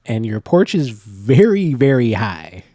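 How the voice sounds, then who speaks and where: A man's voice: mid-range voice, big pitch swings, takes it slowly, mellow, no room sound, clean studio sound. A young man, co-host of a podcast, chatting casually and joking with frequent laughs. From California. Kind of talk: casual chat.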